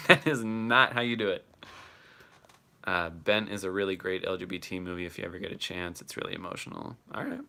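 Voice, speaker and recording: A man's voice: lowish voice, pushed and bright, smooth. A man chatting casually on a live stream and answering his chat, laughing often and swearing freely.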